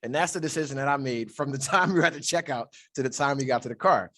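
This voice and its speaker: A man's voice: medium pitch, fast talker, fairly bright tone. A young man hosting a podcast, telling stories in a loose, profane way and laughing often. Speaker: podcast host. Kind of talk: casual chat.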